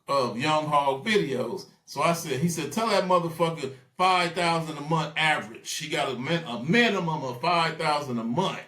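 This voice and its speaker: A man telling stories in a casual interview, animated and acting out the voices of people he quotes. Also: a little high, roomy sound. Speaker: guest.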